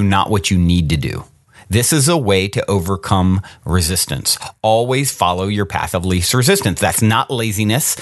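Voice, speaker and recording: A man's voice: on the low side, fairly bright tone, no echo, clean studio sound. A man hosting a reflective solo podcast, talking earnestly and encouragingly and putting rhetorical questions to his listeners. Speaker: podcast host.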